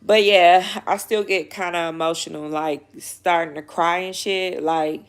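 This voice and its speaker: A woman's voice: lowish voice, fairly even intonation, measured pace, clean tone. A young pregnant woman chatting casually to camera, blunt and swearing a lot, laughing often, and feeling sick. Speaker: vlogger.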